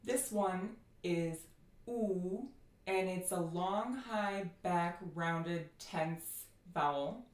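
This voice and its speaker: A woman's voice: on the low side, extremely slow, reverberant. An American woman giving a phonetics lecture, listing sound features and demonstrating each one. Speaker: linguistics teacher.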